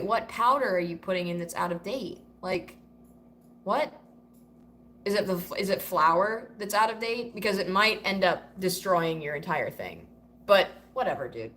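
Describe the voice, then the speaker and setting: A woman's voice: medium pitch, a bit bright, a little hiss or hum. A woman from the United States hosting a casual livestream, answering chat comments in a loose, profane, joking way. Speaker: livestream host.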